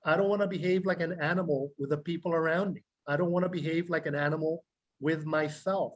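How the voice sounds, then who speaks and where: A man, a clinical psychologist, explaining self-regulation to a group in a measured way, listing words slowly and asking questions. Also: a little high, fairly even intonation, lo-fi sound. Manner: measured, repeats key words in slow lists; speaks directly to listeners, asks rhetorical questions. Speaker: clinical psychologist teaching a meditation class.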